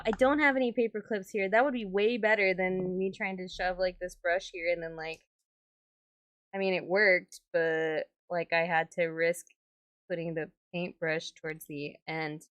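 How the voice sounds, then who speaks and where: Slow-talking woman vlogger, dry sound. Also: on the low side, fairly bright tone, dry recording. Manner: chatty, exclaims and laughs while working. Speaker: doll hobby vlogger. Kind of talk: casual hands-on vlog talk.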